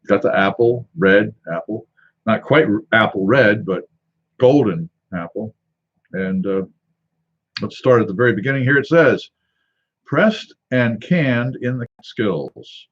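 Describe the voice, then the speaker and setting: A man's voice: on the low side, expressive, unhurried, highs cut off. A man hosting a casual tasting video, reading a can label aloud and joking to himself in a rambling, wry way. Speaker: drink reviewer.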